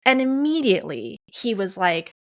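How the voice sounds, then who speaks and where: This coaching podcast host talks to her audience by herself in a chatty, direct way, calling them "guys" and leaning heavily on "like" and "you know." Her mid-range voice is very animated and moves at a normal speed.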